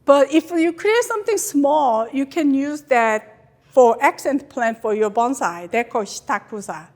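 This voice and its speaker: Korean-accented woman, high and lively. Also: normal speed. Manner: chatty, animated, non-native grammar. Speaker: guest lecturer. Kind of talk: lecture with slides.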